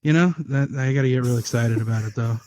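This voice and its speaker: A man co-hosting a casual podcast, laughing as he reads, sometimes breaking into an excited surfer-bro voice. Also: medium pitch, fast talker, no room sound. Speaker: regular co-host.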